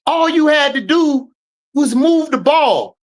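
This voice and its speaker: A woman hosting a sports talk show who tears into players with profane, animated commentary. Her voice sits high and swings widely in pitch, and she takes her time as she talks. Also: takes it slowly, low-quality recording. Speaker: sports podcast host.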